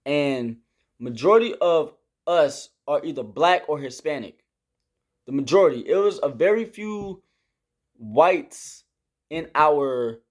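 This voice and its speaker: A young man telling a story about basic training in a casual, slangy vlog style, with lots of fillers. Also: fairly high pitch. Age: young adult. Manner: slangy and animated, with many fillers. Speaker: army recruit telling a story.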